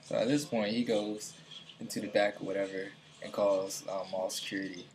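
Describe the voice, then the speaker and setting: A man's voice: lowish voice, flat delivery, normal speed, a little mellow, slight background noise, rough recording. A man casually telling a funny anecdote, amused and chuckling between lines. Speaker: storyteller.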